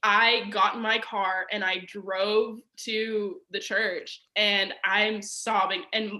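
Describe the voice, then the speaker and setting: Bright-voiced young woman telling a story. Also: mid-range voice, level tone, slow pace. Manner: chatty, filler-heavy with frequent "like" and laughs. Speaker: podcast guest. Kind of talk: casual personal storytelling.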